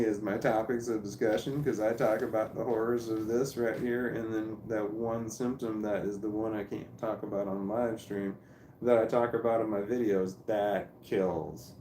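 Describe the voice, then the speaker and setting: A man casually chatting on a live stream, reading viewer comments aloud in a rambling, halting way and repeating words as he goes. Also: fairly low pitch, a little mellow. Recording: roomy echo with faint noise.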